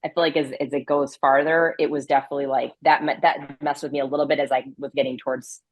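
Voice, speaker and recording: A low-pitched woman talks through a casual interview in a loose, chatty way. She leans on fillers and breaks into laughs often, and her voice sounds dry and close to the mic. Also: little pitch movement, quick pace, no room sound, rough recording. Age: adult with a grown daughter. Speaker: interview guest, ultrarunner.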